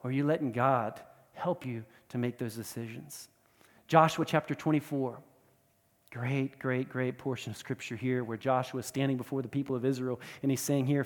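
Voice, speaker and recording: A man preaching a sermon as pastor, in an animated, conversational way with asides and laughs. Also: medium pitch, moderate pace. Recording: long reverb of a large hall.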